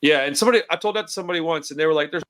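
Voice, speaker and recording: Laid-back, profane fortysomething man, higher voice. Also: racing, a bit bright. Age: 40s. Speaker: podcast host. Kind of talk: casual podcast chat. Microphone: computer call mic.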